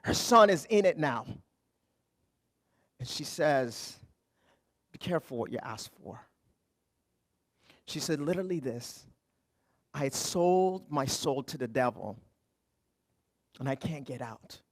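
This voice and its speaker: A middle-aged man, a pastor, preaching a conversational sermon, telling stories with humor and moving from quiet lows to loud emphatic highs. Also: lively intonation, takes it slowly, pauses often. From Canada.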